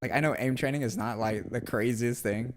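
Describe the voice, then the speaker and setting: A man's voice: medium pitch, fairly quick, background noise. A young man streaming and chatting casually, rambling and self-mocking with lots of fillers. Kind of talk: casual live-stream chat.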